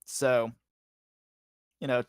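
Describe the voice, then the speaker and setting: A man's voice: medium pitch, flat delivery, smooth, no room sound. Guy rattling off a wrestling recap, lots of likes and uhs, swears a bit, dry mic. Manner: rapid play-by-play recap, frequent "like" and "uh", swears. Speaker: podcast co-host.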